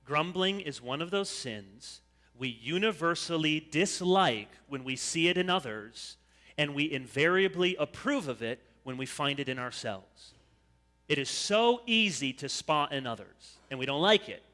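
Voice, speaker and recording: A man preaches to his congregation with a bright, lively voice that rises and falls freely. He is animated, slipping into high whiny voices to imitate grumblers. The sound carries the long reverb of a church sanctuary. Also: measured pace. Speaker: pastor. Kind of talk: sermon.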